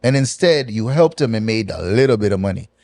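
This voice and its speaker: A man's voice: on the low side, dry recording. Man with speech. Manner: animated, patois-laced, drawn-out pauses. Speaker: guest. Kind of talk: casual storytelling interview.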